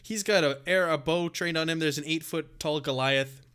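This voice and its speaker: A man's voice: fairly high pitch, normal speed, a bit bright, clear, resonant tone. A man running a live tabletop game as dungeon master, explaining in an easygoing way. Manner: explaining, with restarts.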